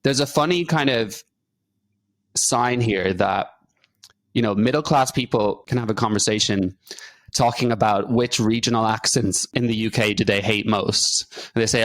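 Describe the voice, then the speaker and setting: Irish podcast host with a low voice. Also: male voice, no echo. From Ireland. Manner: measured, questioning, thinks aloud with fillers. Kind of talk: casual interview conversation.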